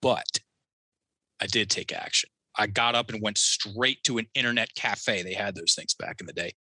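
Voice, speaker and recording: A man telling a personal story as a podcast guest, animated and acting out the quotes in his story. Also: lowish voice, normal speed, no echo. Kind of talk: storytelling in a conversational interview.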